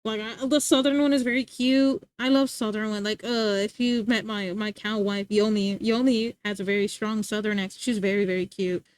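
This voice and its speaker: A woman's voice: mid-range voice, fairly even intonation, moderate pace, few pauses, smooth. A woman livestreamer chatting casually with her viewers, giggly and full of filler words.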